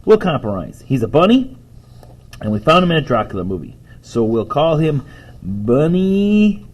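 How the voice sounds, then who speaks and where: A man voicing a firm, reasonable mother while reading a storybook aloud, in a husky voice. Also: on the high side, very animated, normal speed, pitched above the performer's own voice.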